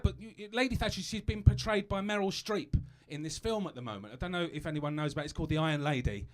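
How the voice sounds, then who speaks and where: Lively, high-voiced British comic. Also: male voice. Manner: chatty, self-mocking, stumbling over asides. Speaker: stand-up comedian. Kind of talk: stand-up comedy set. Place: live comedy stage.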